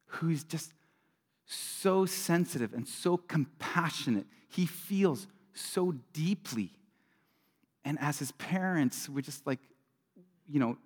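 A middle-aged man preaching a sermon as a pastor, talking earnestly and conversationally, swinging between loud bursts and quiet drops. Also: a little high. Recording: long reverb of a large hall.

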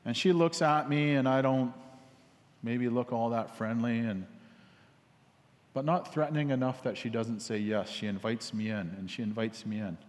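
A man's voice: mid-range voice, fairly even intonation, normal speed. A man telling a parable in a casual, repetitive sermon, with many fillers and restarts. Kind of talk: rambling storytelling sermon. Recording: long hall reverb.

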